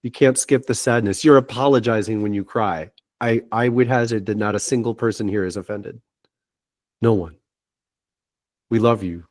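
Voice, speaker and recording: Halting, reassuring man on a video call. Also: on the low side, a little mellow, no room sound, clean studio sound. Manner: reassuring, halting with frequent restarts. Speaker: spiritual guide giving readings. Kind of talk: gentle spiritual counseling over a video call.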